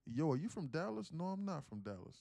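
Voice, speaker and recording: A man's voice: on the high side, big pitch swings, a little fast, creaky, mellow, no room sound. A young man from South Carolina chatting casually on a live stream as a day trader, sarcastic and rambling, often restarting his sentences. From South Carolina, USA.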